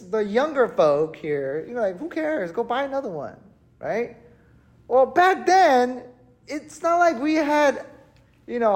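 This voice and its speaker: Preacher, casual sermon, animated storytelling, slow unhurried delivery, chatty. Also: medium pitch. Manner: animated, chatty, keeps asking "right?". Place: church worship service.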